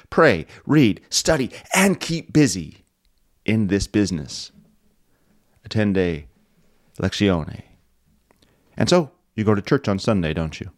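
A man's voice: mid-range voice, dry recording. Emphatic male radio preacher, dry sound. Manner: emphatic preaching with dramatic pauses and occasional chuckles; rising emphasis on repeated phrases. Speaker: radio show host preaching. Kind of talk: radio sermon.

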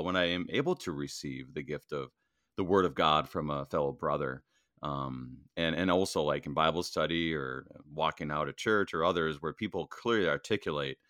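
Deep-voiced church leader guy chatting about doctrine, earnest, lots of ums, dry close mic. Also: fairly bright tone, dry recording. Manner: earnest, with frequent fillers and restarts. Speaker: district president co-hosting a Lutheran study podcast. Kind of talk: casual theological discussion and reading aloud.

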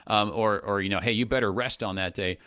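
A man's voice: lowish voice, steady tone, a little fast, sharp tone, dry recording. A man hosting a radio talk show as a pastor, thinking aloud in casual talk with many restarts and fillers.

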